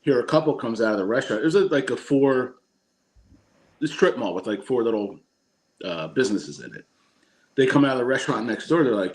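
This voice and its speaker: A man's voice: medium pitch, expressive, brisk. A man in casual podcast chat, telling funny anecdotes and laughing as he acts out what people said. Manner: laughs through his stories, quotes people.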